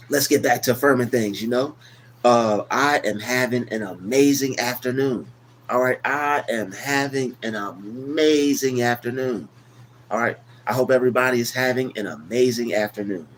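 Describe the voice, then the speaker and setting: A man of middle pitch hosts a casual livestream, circling back over his words and leaning preachy as he talks. A faint background ambience sits under his voice. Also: a little hiss or hum. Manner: loose, repetitive, preachy. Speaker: livestream host. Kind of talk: casual motivational livestream talk.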